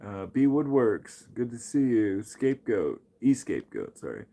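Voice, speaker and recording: A creaky, lowish male voice at normal speed belongs to an American streamer responding to his chat on a laid-back livestream. His talk is blunt and full of swearing, turning lively when he greets people in chat.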